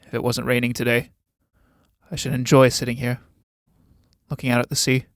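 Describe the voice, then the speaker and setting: A man's voice: mid-range voice, completely flat delivery, moderate pace, dry recording, studio quality, natural voice. A man playing a domineering middle-aged army captain with a patronizing, overbearing manner.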